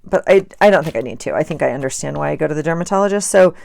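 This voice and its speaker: A woman's voice: low voice, animated, rapid-fire, vocal fry, a little mellow, dry recording, studio quality. A middle-aged woman chatting casually and rambling with self-amusement while she works on her journal pages. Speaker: journaling vlogger. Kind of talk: casual chat while crafting.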